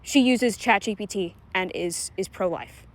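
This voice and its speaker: A woman's voice: medium pitch, unhurried. Woman ranting on a commentary vid, blunt, swears a lot, says um constantly. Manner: frank, swears freely, lots of fillers. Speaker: commentary YouTuber. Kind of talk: casual commentary.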